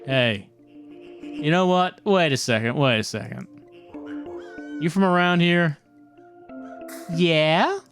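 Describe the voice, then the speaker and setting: A small, energetic film director, pompous and brash, who insults everyone on set, as a streamer puts him on. He talks in an unhurried drawl. Soft game music plays quietly underneath. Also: medium pitch, voice pushed up, natural voice.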